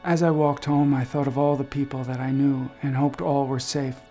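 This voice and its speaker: A man reading aloud a personal essay he wrote, recounting it in a measured, subdued first-person voice. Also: medium pitch, flat delivery, dark tone, faint music behind. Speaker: essay author reading his own memoir.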